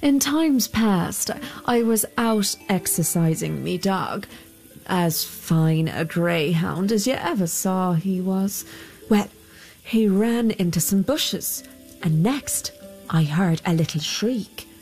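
A woman voicing a sly, smooth-talking soldier who wheedles and flatters. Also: medium pitch, slow pace, soft background music. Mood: wheedling.

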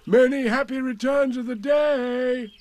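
A man's voice: medium pitch, animated, unhurried, a little mellow. A man voicing a kind, simple little male bear in a storybook reading, eager and earnest in a raised voice.

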